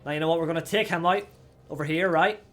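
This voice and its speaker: High-voiced excitable gaming host. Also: male voice, fast talker. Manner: excitable, yells at the game, swears. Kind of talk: let's play commentary.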